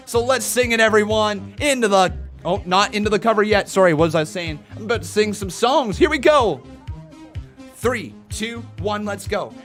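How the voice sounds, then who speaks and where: A man hosting a wrestling watch-along stream, reacting with excitement and reading out viewers' chat messages. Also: high-pitched, a little fast, hardly any pauses, soft background music. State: out of breath. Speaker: live-stream host.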